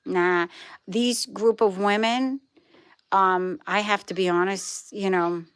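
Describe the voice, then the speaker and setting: A woman's voice: mid-range voice, steady tone, slow, clear, resonant tone, dry recording. A middle-aged woman from Brooklyn hosting a live stream, chatting casually with viewers in a rambling, storytelling way. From Brooklyn, New York. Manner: chatty, rambling storyteller who trails off and restarts. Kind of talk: casual chat answering viewer comments.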